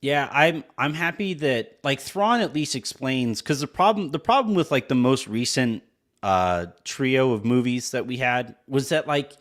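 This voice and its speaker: A man's voice: mid-range voice, lively intonation, unhurried, fairly bright tone. A man hosting a podcast, chatting casually with many restarts and laughing at his own jokes. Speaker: podcast host.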